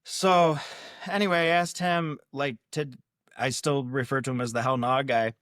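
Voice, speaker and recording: A man's voice: mid-range voice, fairly even intonation, moderate pace, a bit bright, dry recording, clean studio sound. A man guesting on a podcast, telling a story casually in a rambling, self-deprecating way and acting out what he and others said. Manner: rambling, self-deprecating, acts out quoted lines. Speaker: podcast guest, prank video creator.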